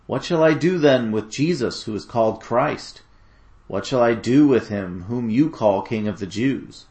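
A man's voice: medium pitch, lively intonation, unhurried, darkish tone. A man reading as a wavering Roman governor. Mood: pleading. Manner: questioning, pleading with a crowd. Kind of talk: dramatic scripture reading.

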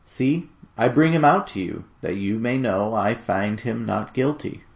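A man's voice: fairly low pitch, unhurried, gravelly. A man voicing a troubled, wavering Roman governor who questions and pleads with a crowd, in a dramatic scripture reading. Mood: uneasy.

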